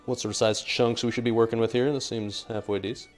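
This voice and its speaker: A man's voice: medium pitch, level tone, quick pace. A young American man cooking on a live stream, rambling and joking as he reads chat aloud. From United States. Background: faint music.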